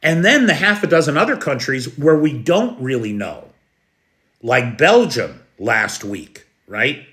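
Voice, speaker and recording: American man, live news commentator, slow deliberate pace, sarcastic, mid-pitched. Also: big pitch swings, a bit bright. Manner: blunt, sarcastic, occasionally swearing; talks to live chat viewers. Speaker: livestream news host.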